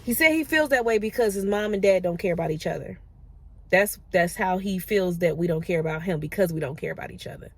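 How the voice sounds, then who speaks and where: Animated mother telling a story on camera. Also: on the low side, a little fast. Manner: animated, rising to exasperated disbelief. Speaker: vlogger, mother. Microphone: phone camera.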